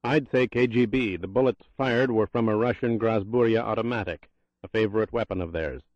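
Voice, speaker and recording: A man voicing a confident male intelligence director who briefs in an assured, measured way. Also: on the low side, dry recording, lo-fi sound, natural voice.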